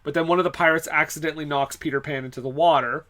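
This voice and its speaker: Man, podcast co-host, casual movie recap, frequent laughs, fillers, bright tone. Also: on the high side, fairly even intonation, very fast. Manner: laughs often, recaps scenes with many fillers. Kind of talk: casual movie-review chat.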